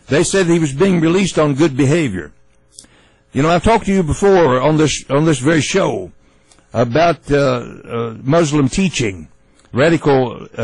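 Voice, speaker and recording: A man hosting a talk radio show, giving opinionated commentary in a folksy, halting way with many fillers and restarts. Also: mid-range voice, dry recording, rough recording.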